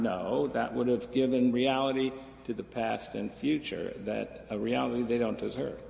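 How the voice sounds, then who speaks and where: A man preaching a sermon as a minister, slow and reflective, lifting his voice for the figures in the stories he tells. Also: mid-range voice, creaky, a little mellow. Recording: echoey hall, slightly distant.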